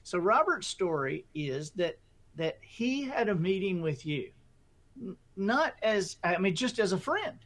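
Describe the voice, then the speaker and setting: Man, middle-aged, guest author, animated storyteller, slightly high voice. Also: unhurried. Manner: lively, acts out his own inner voices.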